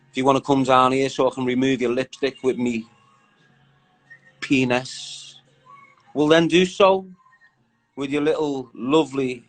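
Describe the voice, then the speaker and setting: A man's voice: medium pitch, low-quality recording. A young man hosting a casual live stream, bantering with viewers in a slangy, chatty way. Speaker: livestream host.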